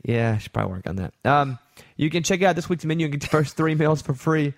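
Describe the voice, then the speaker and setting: A man in his forties from Arkansas with a Southern accent, hosting a casual studio chat and reading an ad, telling stories in a relaxed, drawn-out way. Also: fairly high pitch. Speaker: radio show host.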